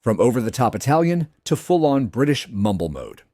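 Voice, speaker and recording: A man's voice: mid-range voice, sing-song, brisk, mellow, dry recording, clean studio sound. A man giving scripted, upbeat voice-over links in a video compilation. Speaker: compilation narrator. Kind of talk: scripted narration.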